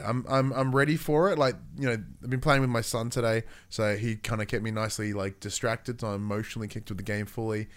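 A man, hosting a casual gaming chat, animated and quick with swearing and asides. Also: lowish voice. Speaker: gaming podcast host.

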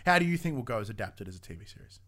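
A young adult man, co-hosting a casual gaming news podcast in an animated, swearing, restart-filled way. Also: lowish voice, very fast. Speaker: podcast co-host.

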